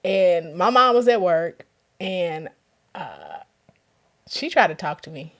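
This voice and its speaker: Speaking slowly in a lowish voice, a woman guest shares a personal story in casual conversation. She's animated throughout, acting out other people's voices with laughter.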